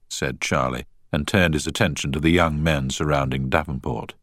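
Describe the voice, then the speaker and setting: Deep-voiced man reading a novel. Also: no echo, clean studio sound. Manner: measured, expressive reading. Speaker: audiobook narrator. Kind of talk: scripted narration.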